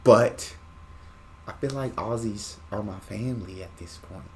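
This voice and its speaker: American man, reaction host, casual slangy chat, low voice. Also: measured pace. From United States. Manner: relaxed, chatty, slangy.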